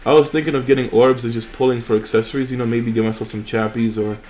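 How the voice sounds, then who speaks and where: A man's voice: medium pitch, fairly even intonation, fast talker, darkish tone, a little hiss or hum. A young man hosting a mobile game channel, chatting casually and rambling with fillers and restarts over his gameplay.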